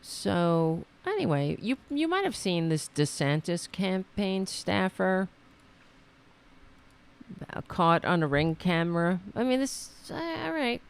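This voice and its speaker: A woman hosts a political talk show in a slow, unhurried way, her voice full of gravelly fry. She mocks her targets sarcastically and rambles, often restarting her sentences. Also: fairly low pitch, very animated. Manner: sarcastic, mocking. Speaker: host. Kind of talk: political commentary. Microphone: computer mic on a call setup.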